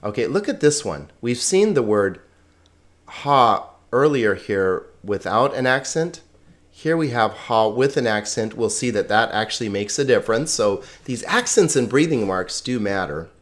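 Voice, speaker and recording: A man's voice: mid-range voice, expressive, unhurried. A man teaching pronunciation, patiently sounding out words syllable by syllable and repeating them. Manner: patient, explanatory. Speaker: Greek teacher. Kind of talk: slow pronunciation lesson.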